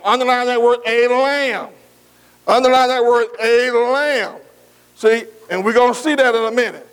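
A man preaching a sermon in an unusually high voice. He is emphatic, repeats his points and calls out amen to his listeners. When he reads scripture, he slows to a deliberate drawl. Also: clean tone.

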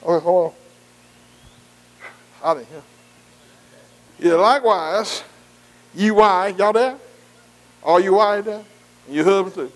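Preaching in a church, this pastor has a high voice and a somewhat slow delivery with frequent pauses. He uses call-and-response, constantly quizzing the congregation and asking "amen," captured on poor audio.

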